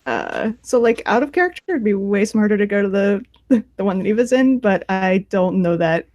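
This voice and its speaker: A woman's voice: medium pitch, lively intonation, normal speed, darkish tone, no room sound, muffled recording. A woman playing a tabletop game, talking hesitantly and thinking aloud. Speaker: player. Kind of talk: casual tabletop play.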